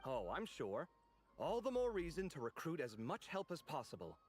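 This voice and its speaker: An actor playing a dramatic, fussy young male architect in a video game, expressive and sarcastic. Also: on the high side, moderate pace. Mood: earnest, teasing. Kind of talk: game voice acting.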